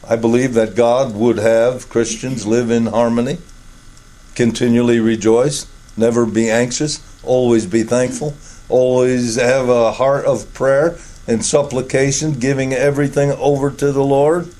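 A middle-aged man preaching a sermon, emphatic, his voice rising high to stress key words. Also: steady tone, a little slow, mellow.

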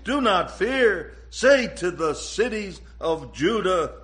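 A man preaching a sermon, slow and deliberate, with dramatic rises and drops in pitch and loudness. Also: sing-song. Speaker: pastor.

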